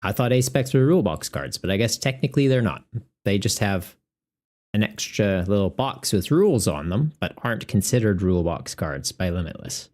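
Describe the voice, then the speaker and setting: A man's voice: on the low side, sing-song, moderate pace, darkish tone. A man chatting casually on a live stream as a tournament organizer, laughing often and joking with his viewers.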